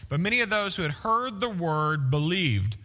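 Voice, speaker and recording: A man's voice: high voice, sing-song, normal speed, bright, forceful tone. A male pastor preaching a sermon in a conversational way, often checking in with "right?". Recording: long reverb of a large hall.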